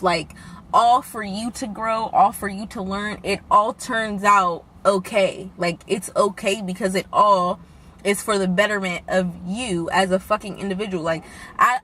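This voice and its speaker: A woman's voice: mid-range voice, fairly bright tone, a little hiss or hum. A woman vlogging in a candid, emotional way, swearing freely and near tears as she talks. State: tearful. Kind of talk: casual emotional vlog talk.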